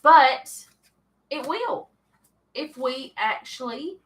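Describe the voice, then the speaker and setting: A woman's voice: high voice, expressive, extremely slow, rough recording. A woman hosting a casual Bible study, reading scripture aloud and then talking it over with chatty asides.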